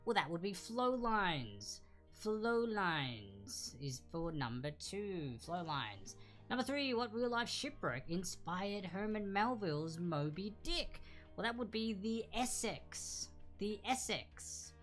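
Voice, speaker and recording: A woman hosting a casual live online trivia quiz, chatting and repeating each answer slowly and clearly. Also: mid-range voice, big pitch swings, a bit bright, soft background music.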